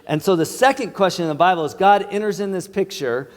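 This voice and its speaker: Male pastor, sermon delivery, emphatic, a bit high-voiced, echoey sanctuary. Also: fast. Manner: earnest, emphatic preaching. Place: church sanctuary.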